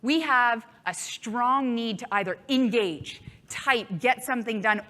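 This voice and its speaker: Woman speaker, bright forceful voice, slightly high, chatty, playful, addressing an audience. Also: a little slow. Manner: lively, chatty, playfully acts out inner thoughts. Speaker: keynote speaker. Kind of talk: live talk to an audience.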